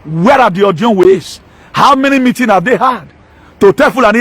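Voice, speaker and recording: A man's voice: sits high, expressive, fairly quick, fairly bright tone, no room sound. A man with a Nigerian accent preaching an impassioned sermon, driving points home with rhetorical questions and mixing in Pidgin. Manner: emphatic, mixes Pidgin and local words, rhetorical questions. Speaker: pastor.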